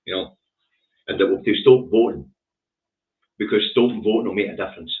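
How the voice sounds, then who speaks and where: A man's voice: lowish voice, fairly quick. Scottish guy doing sarcastic current affairs chat, swears a lot, sounds tinny like a phone. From Scotland. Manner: blunt, sardonic, swears freely. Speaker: host. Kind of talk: casual current affairs commentary.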